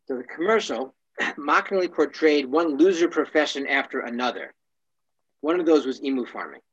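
A man teaching a casual class, wry and joking, often clearing his throat. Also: a little high, animated, moderate pace, a bit bright, lo-fi sound.

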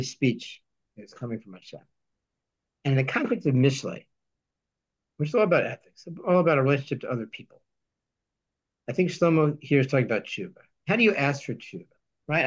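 A man teaching a text study lesson, reading verses slowly before he explains them. His voice sits at a middle pitch. The recording is a bit dull and lo-fi. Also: big pitch swings, slightly rough. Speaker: Torah teacher.

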